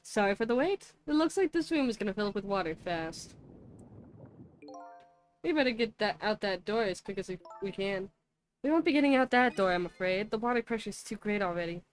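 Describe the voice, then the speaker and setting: A woman voicing a calm, determined young female detective in a video game, steady and matter-of-fact. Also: medium pitch, brisk, faint music behind, natural voice. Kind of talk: video game dialogue read aloud.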